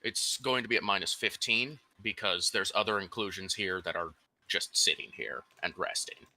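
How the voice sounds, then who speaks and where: A man runs a tabletop game as game master. His voice is deep with a strikingly bright, forceful tone. He explains rules easily and laughs often. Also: normal speed.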